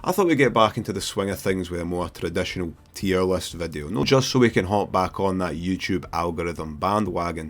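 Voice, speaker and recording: A man with a Scottish accent hosting a casual comedic film review video, brash and profane in his talk. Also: sits low. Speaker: film reviewer and YouTube host.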